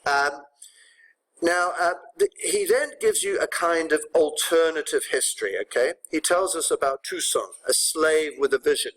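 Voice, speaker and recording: Brief: man, teacher's voice, fairly high, brisk and explanatory, checking in with students. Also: fairly bright tone, low-quality recording. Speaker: English teacher. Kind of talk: recorded poetry lesson.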